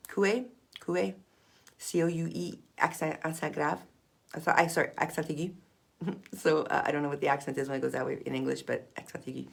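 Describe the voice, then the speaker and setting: A woman's voice: low-pitched, creaky, husky. A woman coaching self-hypnosis in a casual explainer video, chatty and playful, often checking in with "okay?". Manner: playful asides.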